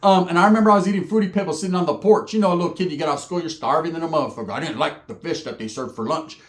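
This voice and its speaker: A man's voice: fairly high pitch, rapid-fire, reverberant. A middle-aged man telling a story in casual street slang, with lots of cursing and a habit of asking "right?". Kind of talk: casual storytelling with acted quotes.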